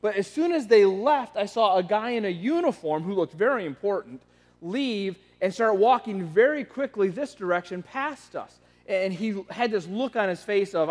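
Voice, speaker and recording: High-voiced preacher telling a story. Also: male voice, animated, normal speed. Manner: conversational, frequent restarts and repeated words. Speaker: pastor. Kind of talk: sermon storytelling. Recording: long reverb of a large hall.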